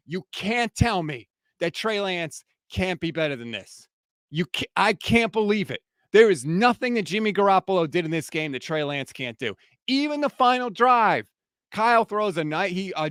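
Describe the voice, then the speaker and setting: Male sports podcast host, high voice, heated post-game rant, dry close sound. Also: fairly bright tone, dry recording. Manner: fired-up, heated ranting.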